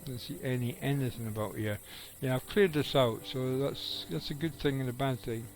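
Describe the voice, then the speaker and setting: A middle-aged man speaks at a normal speed with a medium-pitched voice while streaming his game. He chats with viewers and rambles casually about what he's playing, swearing occasionally. The recording sounds rough.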